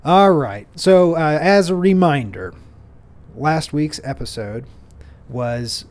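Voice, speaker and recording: Taking it slowly, a man with a darkish voice on the high side hosts his own podcast. His casual solo storytelling wanders, with many restarts and playful jokes about himself.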